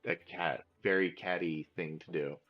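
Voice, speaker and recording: A man's voice: deep voice, steady tone, normal speed. Guy running a tabletop game, rambly, voice kinda shot, muffled mic. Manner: loose, rambling with many fillers. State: losing his voice. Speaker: game master.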